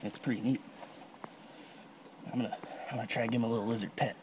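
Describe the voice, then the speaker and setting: A man's voice: mid-range voice, fairly even intonation, fast. A young man playing a nature guide outdoors, explaining animals in a casual mock-expert way. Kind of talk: goofy nature-show parody. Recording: outdoor camera audio with noise.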